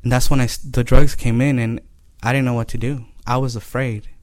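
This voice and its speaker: An earnest man shares a personal testimony in a halting way, circling back and repeating phrases as he goes. His voice sits at an ordinary middle pitch. It is recorded dry, with no room echo. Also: little pitch movement, darkish tone. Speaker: speaker giving a personal testimony.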